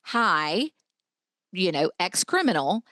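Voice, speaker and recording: A woman's voice: on the low side, very animated, takes it slowly, sharp tone, no room sound. A woman co-hosting a movie podcast, chatting casually and recapping scenes with many fillers. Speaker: podcast co-host.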